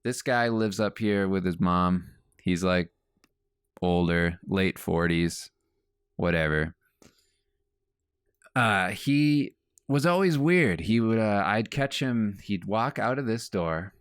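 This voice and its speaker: Low, slow-talking man telling a story. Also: clean tone, no echo, studio quality. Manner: rambling, animated storytelling with frequent asides. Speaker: comic artist and podcast host. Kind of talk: casual storytelling while drawing.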